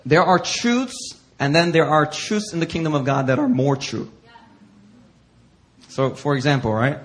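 Impassioned preaching man, slightly high voice. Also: low-quality recording. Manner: builds to loud preaching with dramatic slow emphasis on scripture; conversational asides to the congregation. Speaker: pastor. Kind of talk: sermon.

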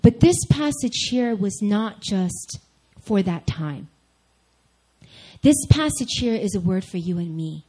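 A young adult woman speaks to a church group meeting, weaving a personal story into her sermon and addressing listeners directly as an animated storyteller. Her mid-range voice is slow and husky, captured on a low-quality recording.

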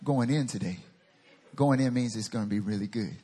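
A man from North Carolina with a Southern accent, preaching a lively sermon as pastor and speaking directly to his congregation. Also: on the low side, fairly quick, slight background noise.

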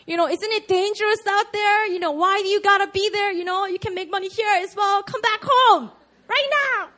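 A woman's voice: very high-pitched, pushed and bright, pitched above the performer's own voice. A woman preacher putting on the voice of a worried, nagging middle-aged Korean mother who urges her child to come home. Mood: anxious nagging. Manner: pleading, scolding, rapid.

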